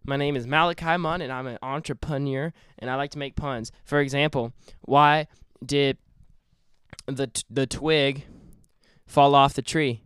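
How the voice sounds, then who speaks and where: Playful young man, smooth dry voice. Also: mid-range voice, fairly even intonation, unhurried, fairly bright tone, no echo. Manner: playful, jokey, freestyles and puns. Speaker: podcast host. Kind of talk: casual comedic podcast chat.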